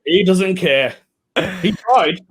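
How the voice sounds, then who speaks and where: A man hosting an online pun competition over a video call, with a voice pitched a little higher than most. He is chummy and laughs easily, and he calls the contestants mate. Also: lively intonation, takes it slowly, fairly bright tone, slightly rough. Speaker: host.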